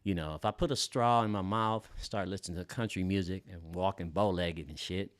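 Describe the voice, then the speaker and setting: A man's voice: low voice, brisk, no room sound. A middle-aged man from Los Angeles hosting a casual podcast, telling stories in a loose, slangy way with lots of fillers and swearing. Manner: laid-back and loose, heavy on fillers and slang, swears freely. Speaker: podcast host.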